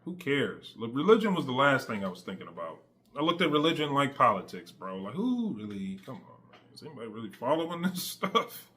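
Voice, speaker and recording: Man, casual testimony, slangy and emphatic, animated delivery, bright tone. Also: mid-range voice, a little fast. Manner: conversational, slangy, emphatic preaching. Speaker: faith vlogger.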